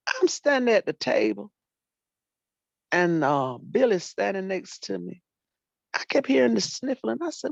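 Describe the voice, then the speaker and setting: An older woman, a retired teacher and librarian, telling animated stories about her students in casual talk and acting out what people said. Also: medium pitch, measured pace, creaky, long pauses, no echo. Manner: animated storyteller, acts out quotes, folksy Southern phrasing. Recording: dull lo-fi dry sound.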